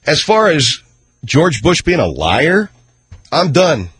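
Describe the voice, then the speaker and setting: A man's voice: huge pitch swings, slow pace, fairly bright tone, slight background noise. A man hosting a radio show, reading listener mail aloud with sarcastic asides. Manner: wisecracking, sarcastic, drifts between pitches while reading letters.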